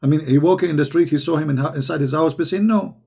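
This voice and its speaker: Hoarse guy ranting, lots of rhetorical questions, choppy english, kinda raspy voice. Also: a little high, warm tone. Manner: heated, rhetorical questions, halting non-native English. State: hoarse, losing his voice. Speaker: online commentator. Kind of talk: polemical commentary while reading texts aloud.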